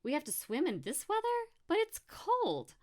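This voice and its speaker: A woman's voice: lowish voice, moderate pace. Woman doing a whiny, chirpy young student. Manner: whiny, excitable.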